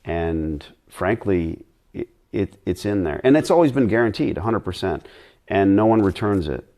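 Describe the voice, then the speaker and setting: Low-voiced blunt middle-aged man. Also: animated, normal speed, mellow. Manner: rambling, blunt, with restarts. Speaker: guest on a live stream. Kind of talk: casual live-stream Q&A.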